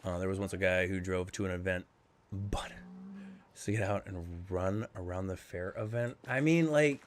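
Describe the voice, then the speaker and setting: A man streaming a multiplayer game, chatting casually in a blunt, profane, rambling way, with animated loud riffs and quieter asides. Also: on the low side, moderate pace, a little hiss or hum. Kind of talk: casual chat while streaming.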